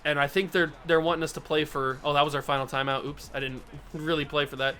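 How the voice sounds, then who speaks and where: A man's voice: fairly high pitch, flat delivery, fast, pushed and bright, faint music behind. A young man hosting a football video game playthrough, commenting casually and mocking himself as he swings between groans and yelps. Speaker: gaming YouTuber host.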